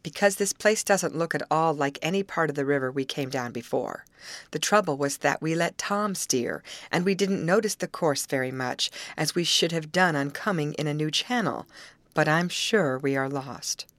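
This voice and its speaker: A woman reading aloud voices a steady teenage girl who leads calmly and reasons things out. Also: low voice, moderate pace, no echo. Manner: calm, reasoning.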